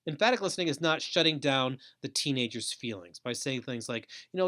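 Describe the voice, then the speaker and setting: A man giving a recorded lecture as a foster care educator, speaking deliberately and repeating key phrases. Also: mid-range voice, expressive, bright, forceful tone.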